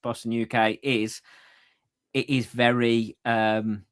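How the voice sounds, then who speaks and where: A man co-hosting a casual podcast, relaxed and a little hesitant, repeating himself as he talks. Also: mid-range voice, slow pace, clear, resonant tone. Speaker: podcast co-host. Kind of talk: casual chat.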